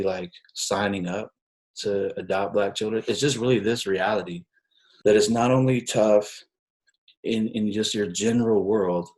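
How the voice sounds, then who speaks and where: Man, fairly low voice, halting, repeats words, earnest talk. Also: darkish tone, rough recording. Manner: halting, repeats words while searching for them. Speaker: adoptive father, guest. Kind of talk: casual conversation.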